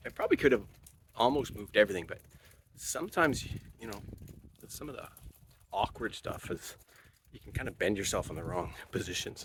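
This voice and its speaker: Wandering inside and outside his cottage with the camera, a middle-aged vlogger rambles easily and relaxedly, using many fillers in casual chat. His voice is on the low side, with a little hiss or hum in the recording.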